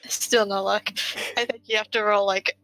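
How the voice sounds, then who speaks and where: A woman player in a tabletop game making quick, chatty remarks. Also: medium pitch, flat delivery, a bit bright, no echo, low-quality recording. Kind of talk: casual chat.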